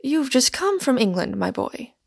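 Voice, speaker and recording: A woman voices an elderly French cafe keeper, sensible and testy yet carefully polite. Her reading has a gravelly edge and a dry, close sound. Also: a little high, unhurried, dry recording. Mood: astonished.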